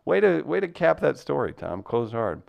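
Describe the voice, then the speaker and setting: A man's voice: mid-range voice, big pitch swings, moderate pace, creaky, dry recording, lo-fi sound. A man hosting a casual live stream, reading out viewer comments with a loose, jokey manner and frequent laughs. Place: small studio room.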